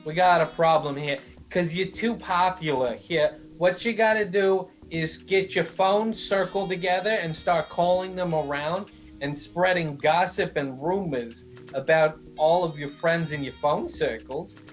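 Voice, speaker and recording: An improviser voicing a snide, sarcastic customer service clerk in a comedy sketch, speaking at an ordinary pitch with faint music behind. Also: unhurried, natural voice. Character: snarky customer service clerk for a nail brand.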